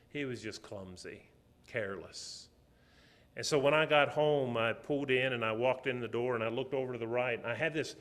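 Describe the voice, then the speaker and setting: Storytelling middle-aged preacher man. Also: mid-range voice. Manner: storytelling, swings from loud to soft. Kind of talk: sermon.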